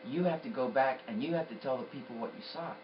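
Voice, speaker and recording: Mocking devil, low and cold, taunting as a storyteller puts him on, dull recording. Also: male voice, quick pace, recorded from a distance, slight background noise, natural voice. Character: mocking, menacing male devil.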